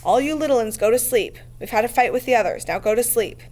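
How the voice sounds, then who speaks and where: A woman voicing a frightened boy leader in a read-aloud novel, speaking tense and clipped, a bit higher and louder than her narration. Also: normal speed, lightly acted. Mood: shaky.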